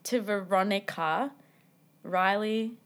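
A woman's voice: medium pitch, takes it slowly. A woman, co-hosting a podcast and telling stories with lots of swearing and acted-out quotes. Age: 20s. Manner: animated storyteller, swears a lot, acts out quotes. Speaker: podcast co-host. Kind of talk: casual chat.

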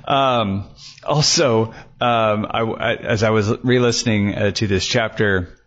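A man narrating a serial detective story in a measured way, adding chatty asides. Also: lowish voice, fairly bright tone. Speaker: podcast storyteller. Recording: dull lo-fi recording.

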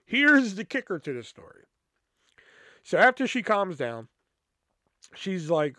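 A man's voice: high voice, very animated, slow, pauses often, pushed and bright, no echo, studio quality. A young man hosting a podcast, telling a rambling, swear-filled story with lots of fillers. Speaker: podcast host. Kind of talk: casual comic storytelling.

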